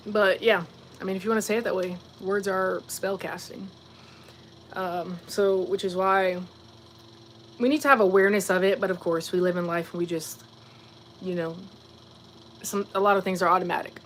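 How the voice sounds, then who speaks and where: Woman from virginia on a livestream, mid pitch, reflective, chatting back at viewers in her chat. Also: fairly even intonation, slight background noise. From Virginia, USA. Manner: reflective, talks straight to chat, quick asides and fillers. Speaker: livestream host. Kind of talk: casual livestream chat, reading viewer comments.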